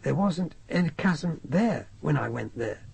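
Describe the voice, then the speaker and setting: A man's voice: a little high, expressive, unhurried, vocal fry, a little mellow, breathy edge, full character voice. A man voicing a polite, cautious young army captain in his own plain reading voice.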